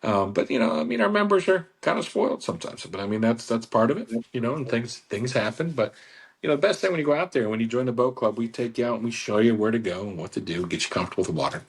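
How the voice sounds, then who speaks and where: A man talking casually on a radio show, pitching his boat club in a chatty, salesy way and repeating the phone number. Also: animated, fast talker, breathy edge. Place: radio studio.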